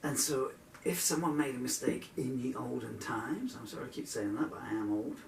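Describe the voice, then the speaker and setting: Gravelly man in his sixties, rambling. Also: medium pitch, brisk, roomy sound, distant mic, slight background noise. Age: 60s. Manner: digressive, indignant. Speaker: singer-songwriter. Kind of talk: rambling monologue between songs.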